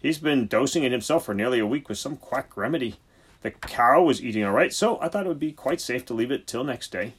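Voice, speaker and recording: A man's voice: medium pitch, animated, a little fast, husky. A man voicing an earnest, defensive young junior vet in an audiobook. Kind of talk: audiobook character voice.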